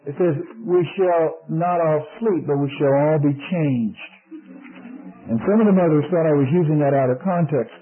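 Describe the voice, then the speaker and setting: A man preaching an evangelistic sermon to a church audience, earnest and rising to fervent emphasis, with a husky voice. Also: fairly high pitch. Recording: tinny lo-fi radio broadcast.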